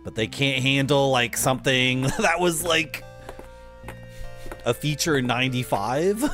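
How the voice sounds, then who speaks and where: A man's voice: medium pitch, unhurried, fairly bright tone, soft background music. A man streaming a video game and chatting casually, with wry asides to his viewers. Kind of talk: casual gameplay commentary.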